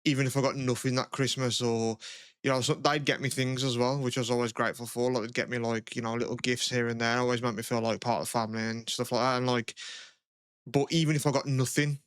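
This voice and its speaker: A man's voice: mid-range voice, flat delivery, fast, a bit bright, smooth, dry recording, clean studio sound. A man co-hosting a podcast in casual chat, rambling, with a lot of "like" and swearing. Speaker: podcast co-host.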